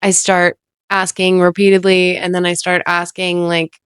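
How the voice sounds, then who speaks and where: Woman, lowish smooth voice, casual podcast storyteller; rambles, restarts, fills with "like", dry close sound. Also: completely flat delivery, moderate pace, a bit bright, no echo. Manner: rambling, self-interrupting, heavy use of "like"; candid, occasionally swears.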